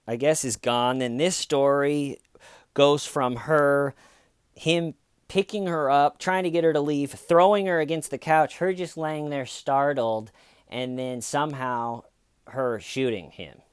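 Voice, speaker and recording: A man's voice: a little high, unhurried, clear, resonant tone, no echo, clean studio sound. A man giving wry, rambling comedic commentary on a true-crime call, with sarcastic asides. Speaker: comedian host.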